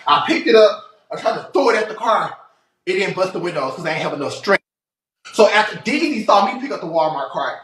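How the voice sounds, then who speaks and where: A breathless man livestreaming, loudly acting out a fight story with profanity and sound effects. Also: sits high, distant mic. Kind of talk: animated storytelling. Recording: roomy echo, faint noise.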